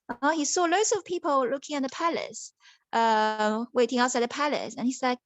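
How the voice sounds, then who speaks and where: A woman telling a story to her young child with puppets, animated, acting out the characters and switching into Mandarin now and then. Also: high-pitched, brisk, no room sound. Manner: animated, acts out voices, mixes in Mandarin.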